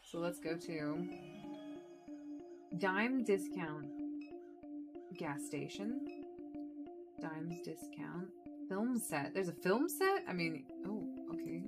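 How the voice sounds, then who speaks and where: Low-voiced woman reading game text. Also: extremely slow, pauses often, music in the background. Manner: casual, wry, soft-spoken asides. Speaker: let's play streamer.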